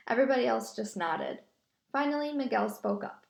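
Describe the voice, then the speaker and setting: Brief: lively female storybook narrator, roomy echo. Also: on the high side, moderate pace, vocal fry. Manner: lively storytelling, voicing characters. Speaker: audiobook narrator. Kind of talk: reading a children's novel aloud. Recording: echoey room.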